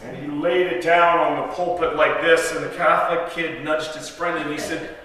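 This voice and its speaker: Echoing through a church sanctuary via a distant mic, a guest preacher's slightly high voice sounds pushed and bright, steady in tone and at normal speed. He weaves stories into his sermon chattily, cutting himself off and laughing at his own jokes.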